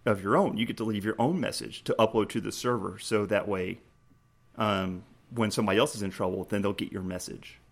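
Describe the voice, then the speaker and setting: A man's voice: lowish voice, creaky. A man co-hosting a casual gaming podcast, retelling a game scene with lots of restarts and quoted prompts. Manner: animated storytelling, many restarts, acts out game prompts. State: choked up, laughing. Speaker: podcast co-host.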